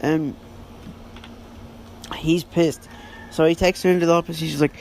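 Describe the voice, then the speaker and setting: High-voiced rambling man reviewing a book. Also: flat delivery, a little slow, creaky, pauses often, darkish tone, slight background noise. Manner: rambling, full of fillers and self-corrections. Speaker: podcast host.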